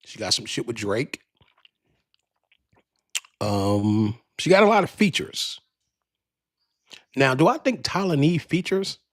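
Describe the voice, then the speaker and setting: A podcast host rants casually into a studio microphone, profane and rambling, often restarting sentences. He speaks slowly with frequent pauses, at medium pitch with lively intonation, in a dry recording.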